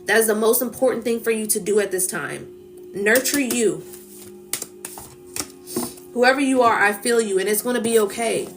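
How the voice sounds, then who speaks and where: Woman giving a coaxing spiritual reading over soft music. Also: a little high, normal speed, long pauses. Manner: casual, repetitive, coaxing with frequent "okay?". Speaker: tarot reader.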